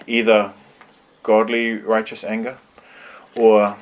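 A man teaching a conversational Bible study, thoughtful and pausing with frequent ums. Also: fairly low pitch, completely flat delivery, dull audio.

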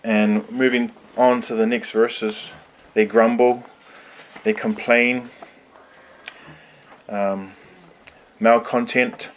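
A man teaching a conversational Bible study, thoughtful and pausing with frequent ums. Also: mid-range voice, flat delivery, poor audio.

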